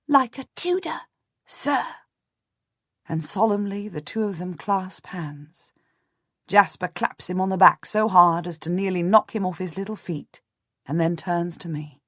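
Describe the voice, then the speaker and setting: A woman narrating a historical novel in the first person, measured and restrained, on a close studio mic. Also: lowish voice, fairly even intonation, fairly bright tone, dry recording. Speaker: audiobook narrator.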